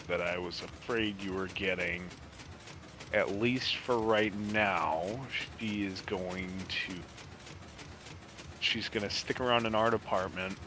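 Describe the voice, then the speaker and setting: A man's voice: deep voice, fairly bright tone, a little hiss or hum. A man chatting with a friend during a game, making dry remarks and sharing work news. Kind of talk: casual chat over gameplay.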